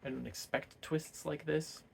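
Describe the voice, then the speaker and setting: A man's voice: on the high side, steady tone, measured pace, gravelly, slight background noise. A man casually retelling a novel's plot as a book reviewer, rambling and full of hesitant fillers.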